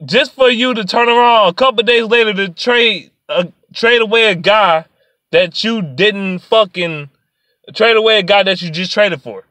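A man delivering an angry, profane sports rant in a vlog, sliding between low muttering and sudden shouts. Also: moderate pace, no echo. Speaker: sports vlogger.

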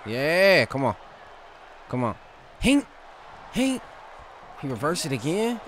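Dude yelling at a wrestling game, pitch jumping everywhere, noisy game sound behind. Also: male voice, very animated, slow pace. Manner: trash-talking, yelling at the game. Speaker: gaming channel host. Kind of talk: live gameplay commentary.

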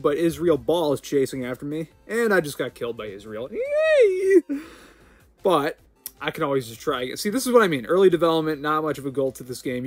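An American man hosting a gaming channel, rambling through casual gameplay commentary with sudden loud outbursts. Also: a little high, dry recording. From United States.

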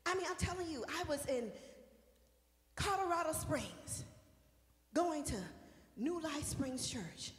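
A woman minister preaching a sermon, shouting and singing out praise at times and dropping to a soft, talking tone at others. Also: high voice, expressive, a little slow, pauses often, reverberant, big-room sound. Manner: shouts and sings out praise, then drops to a soft conversational tone.

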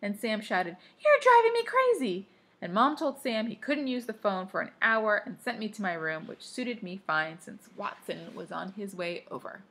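A woman's voice: mid-range voice, moderate pace, hardly any pauses, pushed and bright. A woman reading a first-person story aloud, dropping offhand asides of her own. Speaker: audiobook reader. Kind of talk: first-person audiobook narration.

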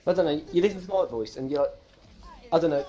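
A man's voice: fairly high pitch, animated, quick pace, warm tone, rough recording. A young man with a Birmingham accent chatting casually and crudely over game voice chat, telling rambling jokey stories. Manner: crude, joking, rambling storytelling. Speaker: gamer in voice chat.

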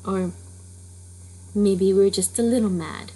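Woman, unhurried, casual rambling chat, lots of fillers, story channel intro. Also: mid-range voice, fairly even intonation, mellow, a little hiss or hum, low-quality recording. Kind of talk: casual chatty intro to a reading.

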